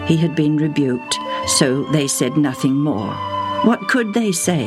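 Woman storyteller, low voice, slow, gentle expressive Bible story narration, faint music behind.

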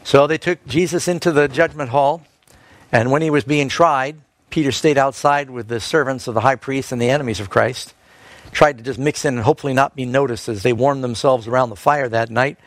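A man preaching a Bible lesson, telling a scripture story and quoting verses, lifting his pitch for emphasis. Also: steady tone, brisk, dry recording.

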